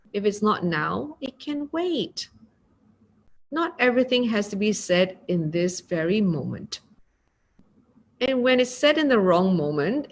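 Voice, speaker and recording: A woman with a Singaporean accent giving a gentle mindfulness talk, acting out example phrasings. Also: mid-range voice. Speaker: meditation teacher.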